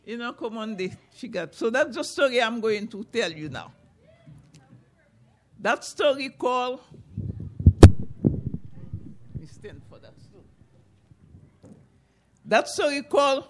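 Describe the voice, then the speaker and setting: A woman from Haiti telling a folktale to an audience, animated, with repeated chanting phrases. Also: high voice, normal speed, pauses often. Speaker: storyteller, author.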